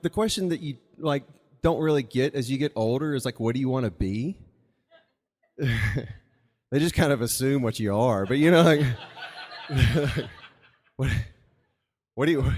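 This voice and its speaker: A man's voice: on the high side, darkish tone. A man from Mississippi, telling a rambling, casual story at a live open mic with chuckling asides. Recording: long reverb of a live venue.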